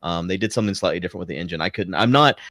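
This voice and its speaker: A man's voice: low-pitched, very fast, a bit bright, dry recording, clean studio sound. A man talking casually as a podcast guest, rambling with many restarts and frequent chuckles. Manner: rambling, self-correcting, chuckles often. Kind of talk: casual chat.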